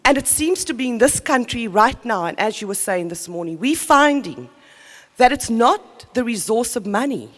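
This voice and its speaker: A woman, a community development worker, giving an earnest, energetic conference talk. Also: on the high side. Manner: earnest, energetic, self-interrupting. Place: conference hall. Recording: long reverb of a conference hall.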